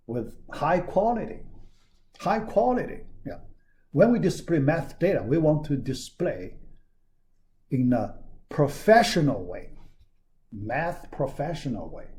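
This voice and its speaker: Slow halting male lecturer, filler-heavy. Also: a little high, dark tone. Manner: halting, frequent "yeah" and "all right" fillers; repeats key words for emphasis. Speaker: university lecturer. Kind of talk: recorded classroom lecture.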